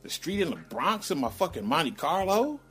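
Middle-aged guy ranting a story, kinda high voice, blunt slangy talk, faint music behind. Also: sing-song, moderate pace, a bit bright. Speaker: vlogger telling a personal story. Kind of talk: casual profane storytelling.

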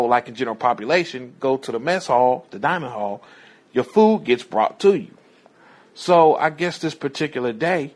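A man who worked as a prison correctional officer telling a rambling, profane story in a casual way. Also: mid-range voice. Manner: profane, rambling, digressive, chuckling asides.

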